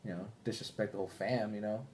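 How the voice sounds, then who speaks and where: A male podcast host rants casually and profanely, putting on mock voices for the people he quotes. He talks fast in a lowish, darkish voice with fairly even intonation.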